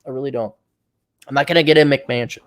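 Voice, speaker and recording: A man's voice: medium pitch, quick pace. A man hosting his own show, ranting in a sarcastic, profane, mocking way. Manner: mocking mimicry of others. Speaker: show host. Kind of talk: livestream rant.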